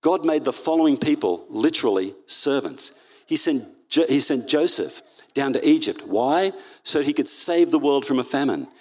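A man delivers an earnest church sermon at normal speed, reading Bible passages aloud and making frequent self-corrections. His voice is mid-range, animated and a little mellow.

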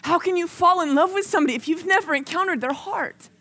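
In an extremely high, bright, forceful voice, a woman preaches fast into a microphone. She remains conversational and earnest, telling personal stories thick with "like" as the intensity escalates.

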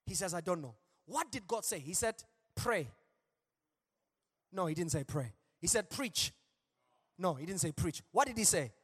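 Animated high-voiced male preacher. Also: brisk, hardly any pauses, husky. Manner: animated, call-and-response asides. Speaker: pastor. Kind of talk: sermon. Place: large church building. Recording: long hall reverb.

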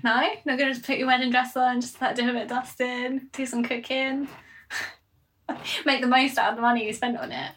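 A woman's voice: on the high side, flat delivery, normal speed, a bit bright, a little hiss or hum. A young woman in a casual chat, laid-back and giggly, hesitating with fillers.

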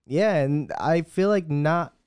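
A man's voice: on the high side, slow pace, darkish tone, clear, resonant tone, no echo, clean studio sound. A man co-hosting a podcast in casual chat, easygoing and a little hesitant, with frequent ums. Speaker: podcast co-host.

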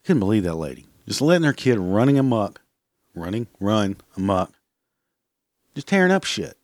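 A man's voice: on the low side, sing-song, normal speed, a little mellow, dry recording, clean studio sound. A man hosting a podcast, ranting casually and bluntly, swearing freely and laughing at his own jokes. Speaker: podcast host. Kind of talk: casual solo rant.

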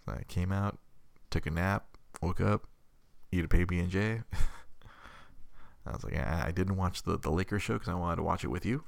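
A man in his thirties co-hosting a casual chat, telling an animated story and acting out the voices of others. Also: deep voice, moderate pace, gravelly, long pauses, dry recording. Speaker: podcast co-host.

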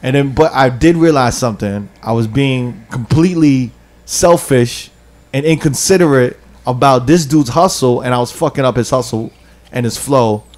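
Guy on a podcast spinning a story, heavy slang, loose and rambling, mid-pitched voice. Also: moderate pace, darkish tone. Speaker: podcast co-host telling a story. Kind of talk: casual storytelling among friends.

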